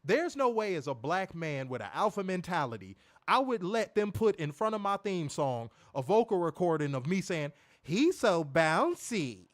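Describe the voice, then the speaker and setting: A man's voice: high-pitched, moderate pace. A man co-hosting a wrestling review show, ranting casually with frequent swearing and mimicked voices. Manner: animated, swears freely, mimics voices, laughs loudly. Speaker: podcast co-host reviewing wrestling. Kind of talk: casual profane commentary.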